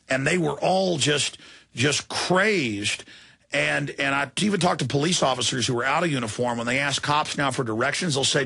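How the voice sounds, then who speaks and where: A man's voice: mid-range voice, a little fast, vocal fry, pushed and bright, breathy edge. A middle-aged man hosting talk radio, tired after a very long broadcast, telling a story in a rambling, heated way with many restarts. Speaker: radio host.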